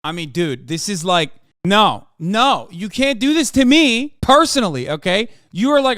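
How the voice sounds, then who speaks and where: A man hosts a reaction stream, talking in an animated, profane and sarcastic way. His voice sits high and sounds smooth and resonant. The sound is dry and close to the mic. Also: normal speed, no room sound. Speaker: streamer host. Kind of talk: casual reaction commentary.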